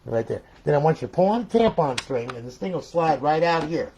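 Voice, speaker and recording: A fairly high-voiced man talks through a gameplay demo in a loose, rambling way, dropping curses and yelling taunts at the other players. The recording carries a steady layer of background hiss. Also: fairly quick. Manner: rambling, profane, bursts into loud trash talk at opponents. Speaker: console modder demoing a modded console. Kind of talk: casual gameplay tutorial with commentary.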